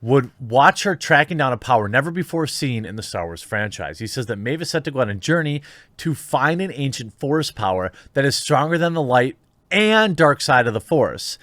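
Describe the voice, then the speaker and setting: A man's voice: medium pitch, very animated, moderate pace, fairly bright tone, no echo. A man hosting a commentary show, reading out reports and reacting with sarcastic disbelief. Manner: sarcastic, incredulous, reads out reports then riffs. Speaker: commentary channel host. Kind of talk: opinionated commentary monologue.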